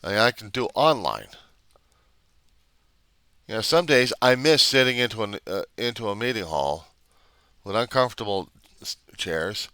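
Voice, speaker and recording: A man's voice: lowish voice, pushed and bright, dry recording. A man talking unscripted to his camera about recovery, blunt and profane, rambling and questioning himself. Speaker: recovery video diarist. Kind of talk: unscripted confessional monologue.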